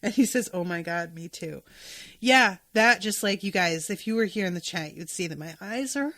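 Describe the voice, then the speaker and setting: Speaking at a normal pace with lively intonation, a woman on her podcast chats about a beloved show, gushing emotionally and choking up now and then. Her medium-pitched voice is a bit bright, with no room sound.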